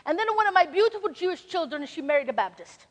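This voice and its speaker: A man's voice: extremely high pitch, big pitch swings, fast, fairly bright tone, pitched above the performer's own voice, exaggerated voice. A woman voicing an earnest, cheerful man in his eighties retelling his life in a sermon, recorded in a reverberant hall. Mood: animated. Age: 80s. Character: elderly male convert, earnest and cheerful.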